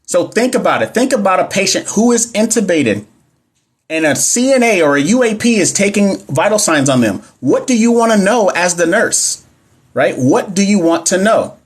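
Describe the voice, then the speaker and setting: A man with a slightly high, husky voice runs a phone livestream lesson on nursing exam questions. He is animated and talks straight to his chat. He hammers his points by repeating them. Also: moderate pace. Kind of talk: livestream teaching. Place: home livestream.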